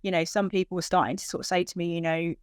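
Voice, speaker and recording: A woman's voice: fairly low pitch, fast talker, smooth, no room sound, studio quality. Woman retelling an emotional story. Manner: animated retelling with quoted dialogue, voice lifting when moved. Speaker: dog owner telling her story.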